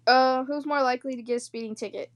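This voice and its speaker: A young woman with a high voice co-hosting a casual podcast. She talks bluntly, swears freely and laughs often. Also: fairly even intonation, quick pace. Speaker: podcast co-host. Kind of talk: casual chat.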